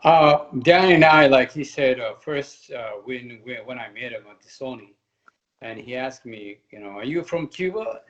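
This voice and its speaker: Ethiopian-accented man, halting English. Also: medium pitch, lively intonation, fairly bright tone. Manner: halting, non-native English with slow stretched phrases. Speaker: guest, former Olympic boxer and coach. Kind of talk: casual interview. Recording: muffled lo-fi audio.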